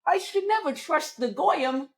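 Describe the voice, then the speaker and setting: A man putting on a squeaky, whining, wimpy rich man, curmudgeonly, voice jumped way up, cowering and pleading. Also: lively intonation, measured pace, exaggerated voice.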